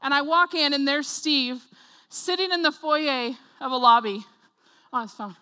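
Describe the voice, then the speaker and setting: Woman preacher, high and bright-voiced, lively storyteller in a sermon. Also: a little slow. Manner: animated storytelling, acts out voices, laughs often.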